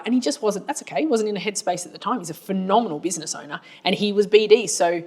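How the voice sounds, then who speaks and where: A woman's voice: mid-range voice, quick pace, few pauses, a little mellow, husky. An Australian woman co-hosting a business podcast, talking casually as a marketing agency owner with a blunt, colloquial, storytelling manner.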